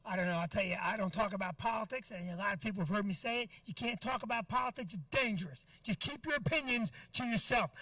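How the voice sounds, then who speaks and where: A man's voice: high voice, sharp tone, no room sound, distant mic. A middle-aged man doing a stand-up set in a comedy club, brash and profane as he teases the crowd. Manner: brash, profane, teasing the audience.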